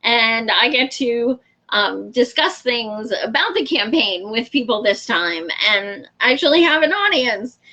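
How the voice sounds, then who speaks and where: A woman hosting a casual livestream, talking frankly in a slightly high voice and laughing easily. She swears without a second thought and chats with viewers by name. The sound is dull and lo-fi. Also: lively intonation, unhurried, pushed and bright. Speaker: show host. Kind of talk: casual livestream chat answering viewer comments.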